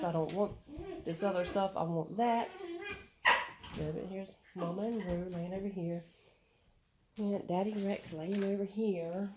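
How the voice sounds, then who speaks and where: A woman dog trainer chatting casually at home among her dogs, rambling in a folksy way and talking fondly to her pets. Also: lowish voice.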